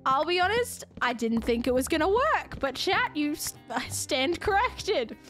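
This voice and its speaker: Woman, game streamer, casual chatty and giggly, high pitch, slow pace. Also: very animated, a bit bright, soft background music. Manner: chatty, giggly, talking to chat. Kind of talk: casual live-stream chat.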